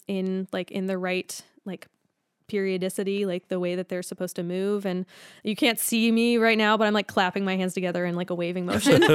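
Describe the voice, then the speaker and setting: A woman's voice: mid-range voice, clean tone, dry recording, clean studio sound. A woman speech pathologist explaining her work in a chatty interview, filling with "like" and "um" and laughing easily. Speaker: speech language pathologist guest. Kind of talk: casual explanatory interview talk.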